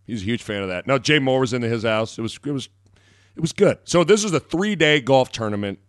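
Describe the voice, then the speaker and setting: A man's voice: mid-range voice, fast talker, no room sound. Rambling male radio co-host, dry studio. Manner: rambling, animated, breaks into shouted bits. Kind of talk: casual sports radio banter.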